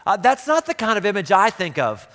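A man's voice: high-pitched, wildly swooping pitch, a little fast, fairly bright tone, big-room sound. A man preaching a sermon, telling stories and breaking into impassioned, rising outbursts. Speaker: pastor.

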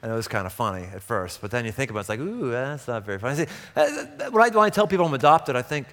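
A man preaching a sermon in a large hall, his voice carrying a long reverb. His tone is bright and forceful, and he swings from calm storytelling into impassioned outbursts. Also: mid-range voice, rapid-fire. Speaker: pastor.

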